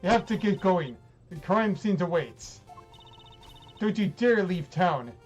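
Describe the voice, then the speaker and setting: A man's voice: high voice, expressive, slow pace, highs cut off, faint music behind. A man doing a haughty young female prosecutor with a fake German accent. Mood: imperious. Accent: put-on German. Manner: cold, scolding, imperious. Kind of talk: reading game dialogue aloud.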